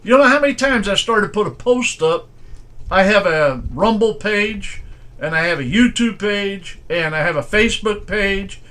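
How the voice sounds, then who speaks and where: A pastor giving an informal, conversational sermon in plain, folksy speech, asking strings of rhetorical questions. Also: male voice, high voice, animated, moderate pace, a bit bright. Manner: plain everyday grammar.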